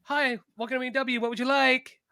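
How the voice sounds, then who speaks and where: A man voicing his frazzled sister at a fast-food counter, swearing under her breath. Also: high voice, steady tone, gravelly, pushed and bright, voice pushed up, exaggerated voice. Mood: exasperated. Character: harried young woman fast-food worker, exasperated.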